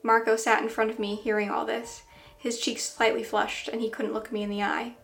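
A woman telling a serial story in the first person, earnest and a bit anxious. Her voice sits fairly high, with faint music playing softly behind her. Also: flat delivery, moderate pace, creaky. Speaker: narrator of an audio story.

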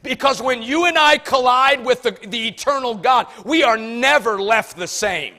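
High bright-voiced preacher man. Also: normal speed. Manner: dramatic swings from loud shouting to soft asides. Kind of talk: sermon.

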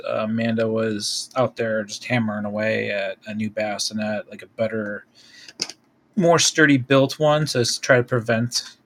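A man narrating a tabletop game as game master, loose and halting, with many fillers. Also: mid-range voice, a little hiss or hum.

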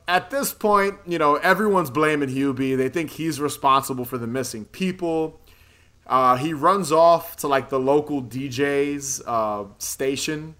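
A man's voice: a little high, a bit bright. A man casually recapping a movie plot in a podcast chat, rambling, swearing freely and laughing often. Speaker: podcast co-host.

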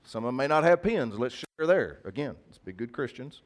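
A man's voice: mid-range voice, animated, fairly quick. Middle-aged man, folksy pastor addressing his flock in a sermon. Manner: folksy, talks to congregation directly. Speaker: preacher.

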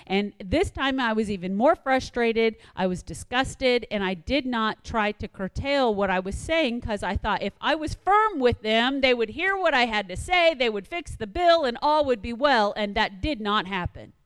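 Smooth and fairly high-pitched, a woman tells a personal story in a sermon-style devotional talk, recorded dry yet sounding like a large hall. She animatedly acts out quoted lines as asides and repeats points emphatically.

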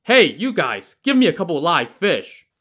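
A man voicing a hot-tempered burly male brawler, who talks loud and blunt. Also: fairly high pitch, animated, normal speed, pitched above the performer's own voice. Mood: bossy.

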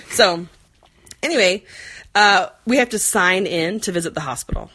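A woman's voice: mid-range voice, expressive, unhurried, fairly bright tone, slightly rough. A woman in her forties telling a rambling, chatty story, full of fillers, with frequent laughs. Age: 40s. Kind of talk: casual storytelling chat.

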